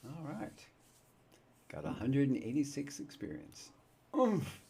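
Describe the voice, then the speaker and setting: A man's voice: mid-range voice, huge pitch swings, slow pace, vocal fry, pauses often, warm tone, breathy edge. An older man casually commenting on his gameplay with wry, joking asides. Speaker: let's-play gamer.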